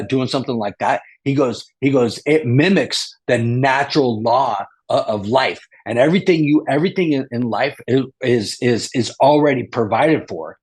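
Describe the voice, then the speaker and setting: Husky man telling a rambling story. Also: medium pitch, a little mellow. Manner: rambling, repeats and restarts, surfer-like slang. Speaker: guest. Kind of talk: casual storytelling.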